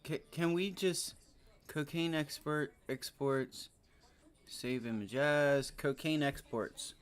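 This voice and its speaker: A man's voice: a little high, slow pace, clean tone. A man hosting a live day-trading stream, chatting casually and joking between exclamations. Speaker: day trading livestream host. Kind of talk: casual live market commentary.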